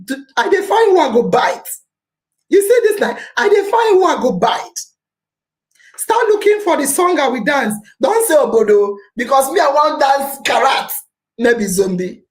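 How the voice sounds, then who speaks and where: A woman's voice: high voice, expressive, moderate pace, roomy sound, poor audio. A Nigerian woman hosting a podcast, giving an impassioned civic talk, repeating phrases for emphasis and slipping into Pidgin. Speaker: podcast host.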